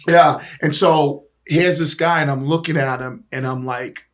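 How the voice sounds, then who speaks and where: A man's voice: on the high side, unhurried. A man in his forties from East Boston with a Boston accent, a guest telling rambling, profane stories in a casual podcast chat. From East Boston, USA. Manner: animated, rambling, profane, laughing often. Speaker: guest, former pro football player.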